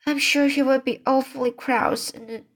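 A woman reading aloud, voicing an impulsive, excitable young girl in distress, fretful and pleading. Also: high-pitched, normal speed, pitched above the performer's own voice.

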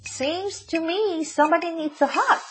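A woman's voice: very high-pitched, moderate pace, a bit bright, faint music behind, voice pushed up. A woman voicing an easygoing male cowboy in a picture book, speaking in a wry, teasing way.

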